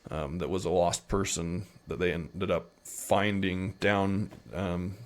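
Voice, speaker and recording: A middle-aged man with a Utah accent and a fairly low voice, chatting easily as a podcast guest. He spins long, meandering stories and slips into playful imitations of the people in them. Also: slow pace. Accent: American, Utah. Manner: relaxed, rambling anecdotes with playful quoted voices. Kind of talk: casual storytelling interview.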